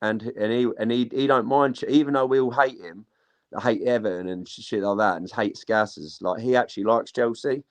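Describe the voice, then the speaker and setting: A man's voice: fairly low pitch, a little fast. A young man, chatting casually about football on a panel. He rambles, swears a lot and drops plenty of slang.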